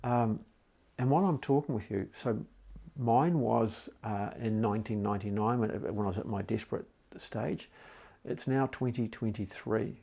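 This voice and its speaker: A middle-aged man with a low, gravelly voice gives a gentle support talk straight to the listener. His tone is dark and husky, and he is calm and reassuring as he speaks. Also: moderate pace. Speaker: mental health support speaker.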